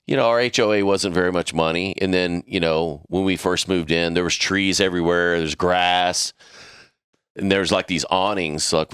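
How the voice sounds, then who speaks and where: A man telling a crude, animated story in a casual podcast chat. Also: low-pitched, clean tone, dry recording, studio quality. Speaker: podcast crew member.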